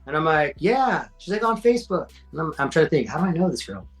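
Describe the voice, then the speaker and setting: A man's voice: on the high side, expressive, rapid-fire, faint music behind, low-quality recording. A man in his forties, a podcast guest, telling stories in casual chat, slangy and swearing, acting out quotes. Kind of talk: casual storytelling.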